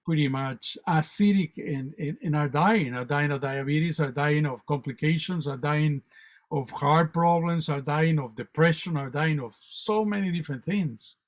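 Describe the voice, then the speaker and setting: Animated man, fairly high voice, lo-fi. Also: normal speed. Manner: animated, rambling, repeats words. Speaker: guest. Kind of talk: spiritual storytelling and talk. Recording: dull lo-fi online radio audio.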